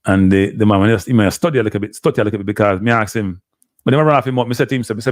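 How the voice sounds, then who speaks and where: A man's voice: on the low side, racing, dry recording, clean studio sound. A man with a Jamaican accent hosting a live stream, talking casually and switching between standard English and patois. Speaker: live show host.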